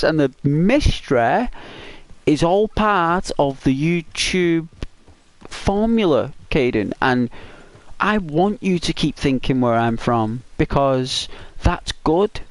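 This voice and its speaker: A man's voice: fairly high pitch, expressive, takes it slowly. A man with a Northwest English accent, a gaming YouTuber chatting casually with viewers while playing, rambling and teasing. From Northwest England. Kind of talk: casual chat with viewers during gameplay.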